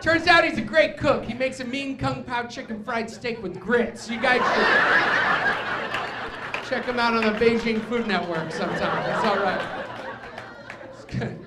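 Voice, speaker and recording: A man's voice: very high-pitched, measured pace, pauses often, roomy sound. A young man from New Mexico doing a stand-up set on a club stage, with punchy jokes and asides to the crowd. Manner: punchy joke delivery with fillers and crowd asides. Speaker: stand-up comedian. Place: comedy club stage with laughing audience. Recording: live club recording with crowd noise.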